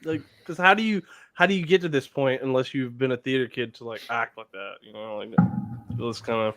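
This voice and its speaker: A man's voice: mid-range voice, brisk, fairly bright tone, dry recording, soft background music. A man co-hosting a casual podcast chat, laughing through his points and repeating words. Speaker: podcast co-host.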